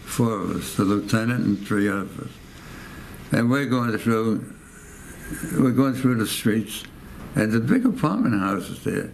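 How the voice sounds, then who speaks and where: With a gravelly, fairly low voice, lively intonation and an unhurried pace, a U.S. man in his 90s tells a war story in a rambling oral-history interview. He repeats his phrases and acts out quoted voices, with a little hiss or hum present.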